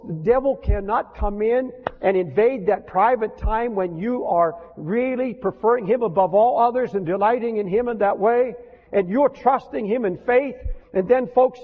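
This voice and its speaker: Older male preacher, high-pitched and fervent, for an archival sermon with a narrow, tinny sound and a long church reverb. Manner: impassioned, rising to emphatic declarations, reads scripture in old-fashioned wording.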